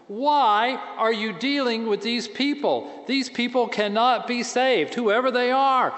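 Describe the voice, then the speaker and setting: A man's voice: very high voice, measured pace, a bit bright, long reverb tail, voice pushed up. A man voicing indignant early Christian men who protest in rising, exasperated tones.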